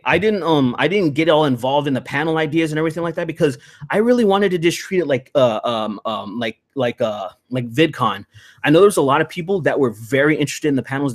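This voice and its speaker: Man ranting profanely in casual chat. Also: mid-range voice. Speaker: podcast host.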